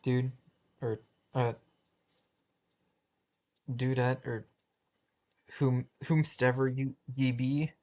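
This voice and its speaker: A man with a mid-range, slightly mellow voice and little pitch movement speaks very slowly, leaving long pauses. It's amateur animation voice acting: he plays a patient first-grade teacher at roll call who is flustered, stumbling, restarting sentences and continually apologizing.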